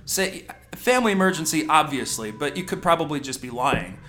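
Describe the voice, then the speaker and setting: A man's voice: fairly high pitch, expressive, brisk, pushed and bright. A man co-hosting a casual comedic chat in a jokey manner, riffing on bits. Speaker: podcast co-host.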